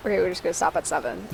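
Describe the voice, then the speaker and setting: A woman's voice: mid-range voice, vocal fry, darkish tone, low-quality recording. A woman co-commentating a game casually, giggling and reacting with short interjections. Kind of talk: casual gameplay chat.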